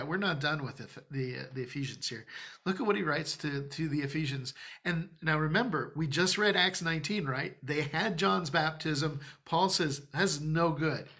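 A man's voice: fairly high pitch, vocal fry, bright, forceful tone. A man preaching in a church, teaching from the Bible in a conversational, emphatic way with joking asides. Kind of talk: Bible-study sermon.

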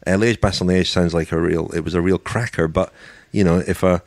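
A man's voice: low voice, fairly even intonation, fast talker, no room sound. A man co-hosting a podcast in casual chat, with a wry, dry sense of humor. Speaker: podcast co-host.

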